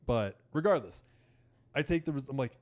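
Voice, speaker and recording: Brief: thirties guy, casual storyteller, lively swings in pitch, swears freely. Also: moderate pace. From United States. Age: 30s. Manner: animated, swearing, acts out doctors in quoted voices. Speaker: podcast guest.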